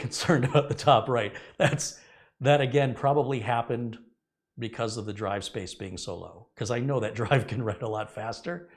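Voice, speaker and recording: A middle-aged man hosting a computer repair tutorial, talking earnestly and rambling as he corrects himself. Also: medium pitch. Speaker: tech channel host. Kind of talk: casual tech tutorial.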